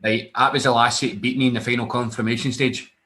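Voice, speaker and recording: A man's voice: medium pitch, flat delivery, fast talker, pushed and bright. A young Scottish man, a wrestler, telling stories in casual chat with lots of swearing, acting out the other voices in his anecdotes. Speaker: guest wrestler.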